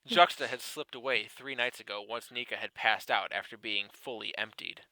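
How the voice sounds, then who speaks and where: A man's voice: medium pitch, normal speed, pushed and bright, no room sound, poor audio. A man doing a comedic, mock-serious dramatic reading of fan fiction, breaking into laughing asides. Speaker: podcast host reading fan fiction aloud.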